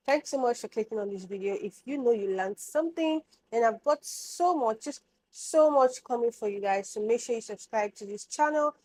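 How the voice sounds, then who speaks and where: A woman's voice: a little high, lively intonation, moderate pace, dark tone, low-quality recording. A young woman vlogger giving hygiene advice to camera, frank and emphatic, scolding like a big sister and repeating her points. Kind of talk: casual advice chat to camera.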